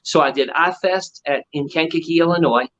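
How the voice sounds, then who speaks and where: In muffled, lo-fi audio, a middle-aged man talks at normal speed with a somewhat high voice. He is a ventriloquist being interviewed, spinning stories and bringing the people in them to life by acting out their lines.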